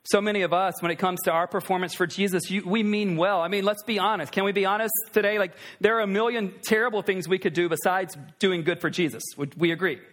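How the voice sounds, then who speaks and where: High-voiced man preaching a lively sermon. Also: fast, few pauses. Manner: conversational, animated, talks to the congregation with asides. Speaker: pastor.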